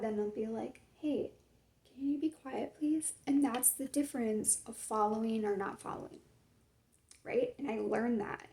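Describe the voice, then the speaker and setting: A woman's voice: on the high side, creaky, darkish tone. A young woman sharing her personal faith testimony in a casual, rambling way, full of fillers. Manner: rambling, filler-heavy, lots of "like".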